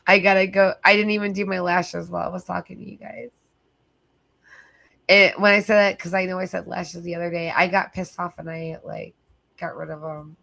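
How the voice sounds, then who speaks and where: A woman's voice: fairly low pitch, level tone, brisk, vocal fry, pushed and bright. A tired woman hosting a livestream, chatting casually with viewers in a rambling way, full of fillers and swearing. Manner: rambling, filler-heavy, profane. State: sleepy, tired. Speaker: livestream host.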